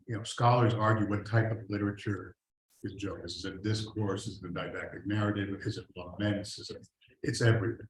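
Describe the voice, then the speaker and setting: Male Sunday school teacher, lowish voice, casual lecturing, roomy echoey church room with light hiss. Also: darkish tone. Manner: conversational, reads scripture aloud, trails off and restarts. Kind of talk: teaching a Bible class. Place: church classroom.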